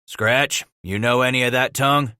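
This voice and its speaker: Man voicing a gruff trapper leader. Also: medium pitch, steady tone, normal speed, bright, forceful tone, dry recording, clean studio sound, pitched above the performer's own voice, close to an everyday voice. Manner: gruff, commanding, blunt. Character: commanding male trapper brigade leader.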